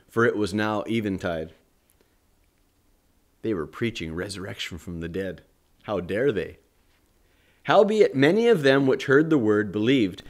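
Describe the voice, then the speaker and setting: A man giving a devotional talk and Bible reading, earnest and hoarse with his morning voice. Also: lowish voice. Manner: slow, earnest preaching with a prayer. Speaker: family ministry host.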